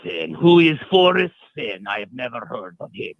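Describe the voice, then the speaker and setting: Male caller doing a deadpan fake-Russian hijacker, gravelly, broken English, dry sound. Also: fairly high pitch, normal speed, no echo, phone-quality sound. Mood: cagey deadpan. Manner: broken English, clipped evasive answers.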